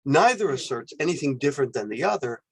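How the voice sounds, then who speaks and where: A man's voice: medium pitch, sing-song, fast, gravelly. A man lecturing on philosophy, explaining ideas step by step and acting out example phrases with exclamations. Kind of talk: recorded university lecture.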